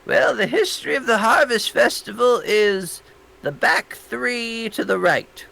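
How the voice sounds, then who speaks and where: A woman's voice: on the high side, lively intonation, unhurried, gravelly, fairly bright tone, pitched above the performer's own voice, exaggerated voice. Man putting on a prim ninety-year-old librarian. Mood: fussy. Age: 90s. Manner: prim, fussy, weary.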